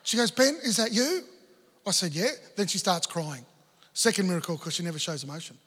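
An Australian man preaching a sermon, telling a family story and acting out the dialogue with lively energy. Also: sits high, a little fast, slightly rough, long reverb tail. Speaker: pastor.

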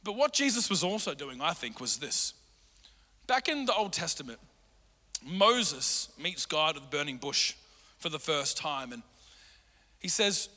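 A middle-aged pastor preaches with a high, very bright voice, acting out quotes with animation. His sermon rings through a church hall with a long reverb. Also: sing-song, measured pace, long pauses.

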